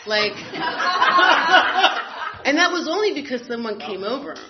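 A woman's voice: fairly high pitch, lively intonation, fast talker, crowd noise. A woman candidly telling a personal story in a frank, wry way, with fillers and bursts of laughter. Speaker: guest sharing a personal story. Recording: slightly dull audio with faint noise.

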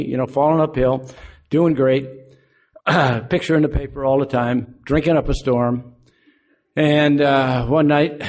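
A man's voice: mid-range voice, a little mellow. An older man from Illinois telling a folksy, self-mocking story to a group, acting out both sides of conversations. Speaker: recovery meeting speaker.

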